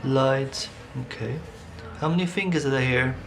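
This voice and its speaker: A male eye surgeon talks in a calm, reassuring way and often pauses on "um". His voice sits at an ordinary middle pitch, with clear background noise behind him. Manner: calm, reassuring, hesitant with ums. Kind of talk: documentary interview and bedside eye exam.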